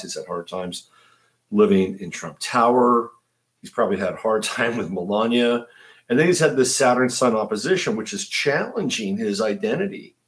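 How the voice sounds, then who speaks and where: A man hosting an astrology livestream, talking conversationally and often tossing in a rhetorical "right?". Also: on the low side. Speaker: astrologer host. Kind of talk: livestream talk.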